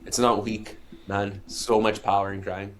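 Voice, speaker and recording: A man's voice: lowish voice, flat delivery, unhurried, a crowd in the background. A man guest on a podcast, telling his story in a candid, heartfelt, casual way and calling the host bro and man. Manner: calls the listener bro and man constantly. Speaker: podcast guest, musician and speaker.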